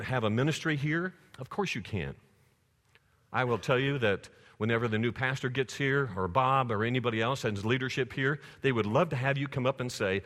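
A man's voice: medium pitch, fairly bright tone. Guy preaching a sermon, storytelling style, echoey church hall. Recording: long church reverb.

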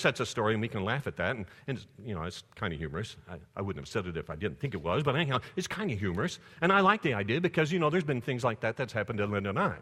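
A man preaching a sermon, lively and conversational, telling stories to his congregation. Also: medium pitch. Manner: animated storytelling preacher. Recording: long church reverb.

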